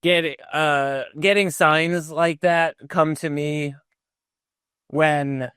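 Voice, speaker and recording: A man hosting a podcast interview, speaking hesitantly with pauses and "uh". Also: fairly high pitch, steady tone, fairly bright tone, smooth, no room sound, clean studio sound. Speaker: podcast host.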